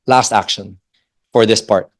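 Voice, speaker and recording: With a lowish voice and measured pace, a man in his forties from the Philippines gives a Christian talk about family, recounting a personal story. He works in family ministry, and his delivery is animated and lively, full of questions to listeners.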